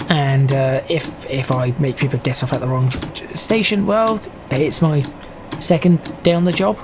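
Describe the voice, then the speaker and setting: A man's voice: on the high side, moderate pace. Man, casual gameplay host, stop-start chatter, train noise underneath. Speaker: gaming video host. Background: train sim game noise.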